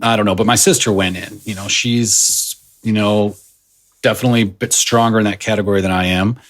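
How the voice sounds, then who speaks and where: A man in his thirties speaks as a podcast guest, his voice sitting a little low. He tells a personal story in a relaxed, halting way, circling back with fillers and restarts as he goes. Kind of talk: casual conversational storytelling.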